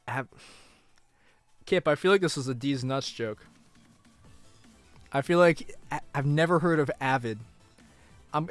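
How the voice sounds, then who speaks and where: A young adult man chats casually to his viewers on a live stream, shifting between mock outrage and quiet mumbled asides. The recording is dry.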